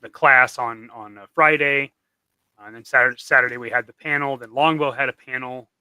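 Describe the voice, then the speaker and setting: Laid-back guy guesting on a stream, super bright sharp voice, dry sound. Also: medium pitch, fairly even intonation, a little fast, clean tone, no room sound, rough recording. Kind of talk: casual chat.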